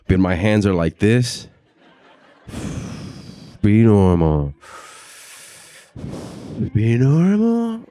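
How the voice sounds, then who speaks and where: A man's voice: sits low, dry recording. A young man doing stand-up comedy, telling a long story and acting out the voices of the people in it. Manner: animated, acts out voices and reactions.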